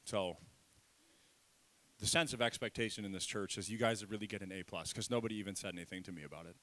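A man preaching a sermon as pastor, swinging from soft, tearful passages up to loud, emphatic peaks. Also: fairly low pitch, fast talker. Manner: impassioned, building to loud emphatic peaks then dropping soft. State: tearful, nose running.

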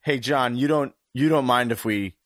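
A man's voice: medium pitch, normal speed, fairly bright tone, no echo, studio quality. A man co-hosting a podcast, chatting casually and teasing his co-host, laughing often. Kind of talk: casual chat.

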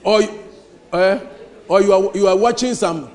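A man preaching an emphatic sermon in a church, repeating lines and rising to shouts. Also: high-pitched, a little slow. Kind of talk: lively sermon. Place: church hall. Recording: reverberant church hall.

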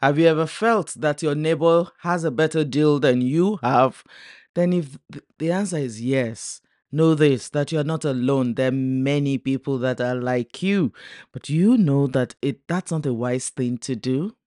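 A woman's voice: sits low, measured pace, darkish tone, dry recording, clean studio sound. A woman hosting a devotional Lenten talk series, speaking earnestly and directly to the listener.

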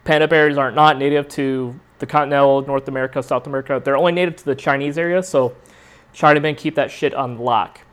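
A man's voice: medium pitch, steady tone, fast, clean tone. A young adult man hosting a podcast, telling a rambling, profane story in a casual, laid-back way. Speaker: podcast host.

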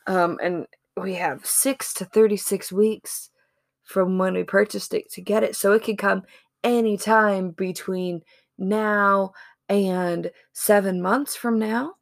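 A woman's voice: mid-range voice, steady tone, takes it slowly, creaky, no echo, studio quality. A woman, co-hosting a podcast and telling family stories in a chatty way with laughs. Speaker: podcast co-host. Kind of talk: casual chat.

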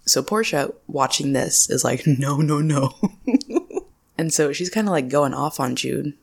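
A young woman with a low, gravelly voice hosts a solo podcast recap. She chats casually and laughs often, slipping into playful voices when she quotes characters. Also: animated, a little slow. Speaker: podcast host.

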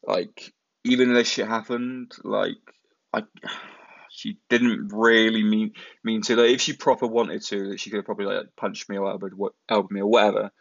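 Low gravelly man telling a story. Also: little pitch movement, normal speed, dry recording, lo-fi sound. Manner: swearing, rambling storytelling. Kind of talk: casual anecdote.

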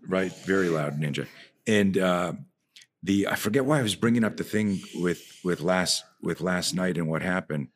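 A man with a very low voice and a husky, breathy edge, talking as a guest on a podcast. He tells stories with plenty of energy, loses his thread now and then, and circles back with restarts. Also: moderate pace. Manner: animated storyteller, trails off and restarts sentences. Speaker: guest, fear-management and martial arts trainer. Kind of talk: conversational podcast storytelling.

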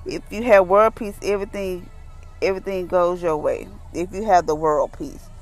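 A woman giving a casual daily devotion, talking in a relaxed, down-to-earth way and acting out the voices she quotes. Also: lowish voice, normal speed, soft background music. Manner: conversational, acts out quoted voices; informal, down-to-earth phrasing. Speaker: devotional speaker.

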